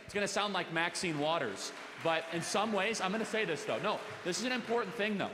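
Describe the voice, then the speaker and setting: A man speaking on a panel at a live event, talking urgently and rising to forceful emphasis. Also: high voice, lively intonation, fast, few pauses. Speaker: talk radio host on a panel. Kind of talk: impassioned panel speech. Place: large hall with audience. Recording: echoey hall reverb.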